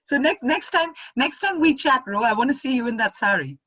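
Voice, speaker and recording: A middle-aged woman from India, chatting as a guest in an expressive, animated way over a video call. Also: high voice, brisk, breathy edge, no echo, highs cut off. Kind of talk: casual conversation.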